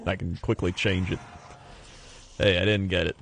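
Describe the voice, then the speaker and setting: A man streaming a video game and chatting casually, animated and prone to mimicking people. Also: low voice, a little slow, vocal fry. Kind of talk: casual chat while gaming.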